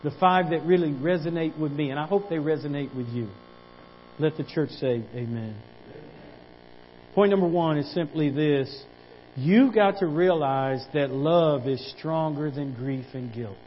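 High-voiced preaching pastor, dull recording. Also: male voice, moderate pace. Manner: repeats words, calls for amen. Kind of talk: sermon.

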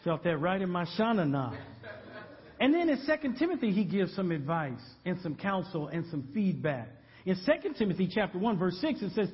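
A male pastor preaching a sermon, animated and humorous, building to shouts. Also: sits high, normal speed, big-room sound, muffled recording.

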